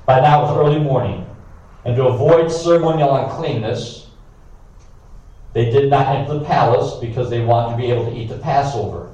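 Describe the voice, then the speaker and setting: A man reading scripture aloud with brief comments of his own, steady but with occasional stumbles and asides. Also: mid-range voice, a little fast. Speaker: scripture reader. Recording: echoey room, distant mic.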